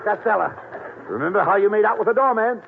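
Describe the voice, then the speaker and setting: A man's voice: high voice, fast talker, narrow, tinny audio, heavy background noise. A male comic playing the straight man in a 1940s radio comedy, on an old broadcast recording. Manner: smooth, lively straight-man delivery.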